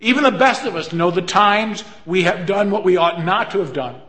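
Male pastor, earnest storyteller, bright and forceful tone. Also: sits high, normal speed. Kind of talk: sermon.

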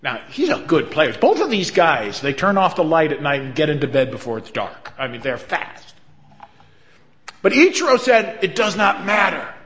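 A man's voice: a little high, wildly swooping pitch, moderate pace, a bit bright. A man preaching a sermon, telling a story in an earnest way. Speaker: pastor.

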